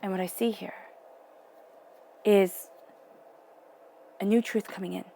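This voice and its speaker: A woman's voice: medium pitch, steady tone, takes it slowly, vocal fry, dark tone, a little hiss or hum. A young adult woman giving an emotional, earnest tarot reading, sometimes dropping to a near-whisper. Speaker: tarot reader.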